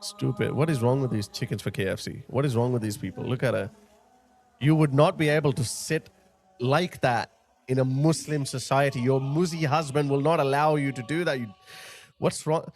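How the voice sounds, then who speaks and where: A man's voice: mid-range voice, normal speed, darkish tone, soft background music. A man hosting a commentary video, ranting in a heated, scornful way and repeating short jabs. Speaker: commentary channel host.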